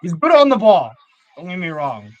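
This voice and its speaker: A man co-hosting a live football watch-along, reacting with excitable exclamations in casual chat. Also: high-pitched, moderate pace, dull audio.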